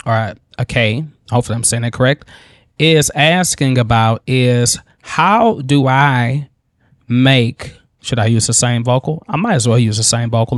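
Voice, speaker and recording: A man hosting a software tutorial, thinking aloud in a loose, informal way as he works on screen. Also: medium pitch, dry recording, studio quality. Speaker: tutorial host.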